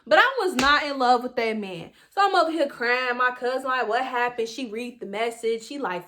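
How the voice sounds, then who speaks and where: Young woman vlogger, casual slangy storytime, dramatic and animated, loud peaks, quiet asides. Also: fairly quick, few pauses, noisy background. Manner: animated, dramatic, swings between loud outbursts and low asides. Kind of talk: storytime vlog.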